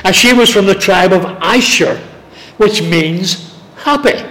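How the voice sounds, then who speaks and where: A man teaching a Bible study in sermon style. He reads scripture slowly and deliberately, stressing words one at a time. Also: sits high, bright, forceful tone, slight background noise. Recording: long reverb of a large hall.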